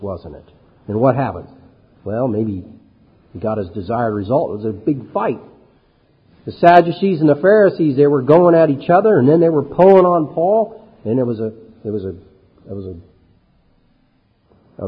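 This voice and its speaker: Reading scripture with mounting intensity and then shifting into conversational commentary, a man preaches an expository sermon in a medium-pitched, somewhat rough voice. Long hall reverb fills this lo-fi recording.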